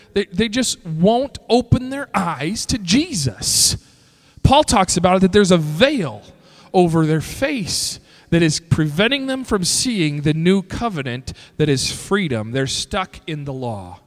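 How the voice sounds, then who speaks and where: A male pastor preaching a sermon, reading scripture slowly and breaking into shouted bursts. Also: sits high, sing-song, in a large hall.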